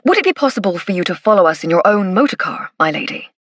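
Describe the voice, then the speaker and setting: A woman's voice: mid-range voice, lively intonation, fast talker, no echo, clean studio sound, close to an everyday voice. A woman voicing a reserved, courteous male police inspector with a formal, polite manner.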